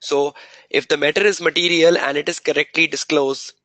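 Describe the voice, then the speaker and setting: A man's voice: fairly high pitch, fairly even intonation, moderate pace, pushed and bright, no room sound, low-quality recording. Man drilling students with repeated questions. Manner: repeats key words and phrases for emphasis. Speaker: exam revision lecturer. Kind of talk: live revision lecture.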